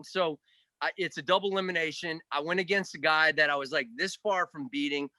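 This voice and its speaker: Animated man telling a rambling story. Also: a little high, a little fast, dry recording. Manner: animated, rambling, swears, acts out quotes. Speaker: guest actor. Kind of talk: casual storytelling interview.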